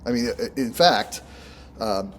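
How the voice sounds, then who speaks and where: A man from Oregon, a minister and contractor, chatting casually as a guest in an interview, relaxed and rambling, often laughing. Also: medium pitch, slow, a little hiss or hum. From Oregon, United States.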